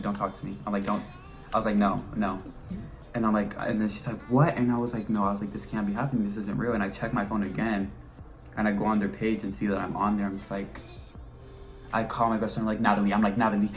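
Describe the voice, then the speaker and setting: A teenage man vlogging, telling a story in a casual chat and acting out his own past lines with lots of energy. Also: lowish voice. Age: teens.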